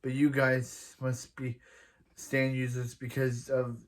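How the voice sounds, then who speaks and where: A man casually recapping an anime episode, rambling, restarting sentences, and often trailing off quietly. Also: mid-range voice, monotone, slow pace. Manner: rambling, with frequent restarts and "he's like" retellings.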